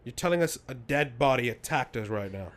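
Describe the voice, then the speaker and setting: A man playing a tabletop game, joking and animated, often restarting his sentences. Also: mid-range voice, a little fast. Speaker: player. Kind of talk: casual tabletop play.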